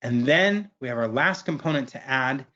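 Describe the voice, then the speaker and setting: A man presenting a webinar, walking through a software screen share in a casual way and tagging his sentences with "right?". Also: medium pitch, lively intonation, normal speed, highs cut off. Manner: casual, keeps asking "right?".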